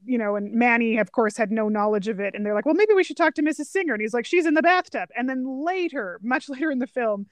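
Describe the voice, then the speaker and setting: A woman with a fairly high voice recounts film scenes in a quick, easy flow and laughs along. The recording is dry and close. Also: lively intonation, no room sound. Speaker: podcast co-host. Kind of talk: casual film discussion.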